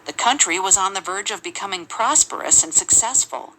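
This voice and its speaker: Woman, reader of example sentences, very animated pitch, light background noise. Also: brisk, poor audio.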